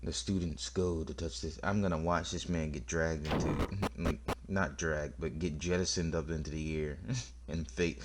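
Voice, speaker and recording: A man's voice: a bass voice, steady tone, moderate pace, very noisy. A young adult man casually commentating his video game playthrough, chatty and prone to breaking off mid-sentence. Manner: chatty, self-interrupting, giggly. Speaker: gameplay commentator. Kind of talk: casual let's-play commentary. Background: game music.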